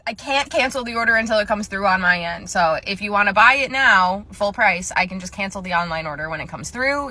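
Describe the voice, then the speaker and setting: A woman performing storytime comedy skits about retail work, sarcastic and exasperated. Her voice is bright and crisp, with a sharp edge. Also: mid-range voice, animated, fairly quick, few pauses, slight background noise. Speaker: comedy creator, former store cashier.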